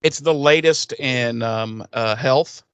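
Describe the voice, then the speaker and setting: A male podcast co-host chats in a loose, joking way, rambling and stumbling over fillers. His mid-pitched voice sounds very dry and close, with no room in it. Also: slow, a bit bright, clean tone, no room sound. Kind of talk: casual podcast chat.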